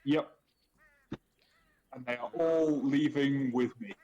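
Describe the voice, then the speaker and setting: A man's voice: medium pitch, fairly even intonation, slow, warm tone, lo-fi sound. A man with an Australian accent, a player at a tabletop game, talking plainly with a jokey edge. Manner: plain, matter-of-fact, jokey. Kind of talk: casual chat at a game table.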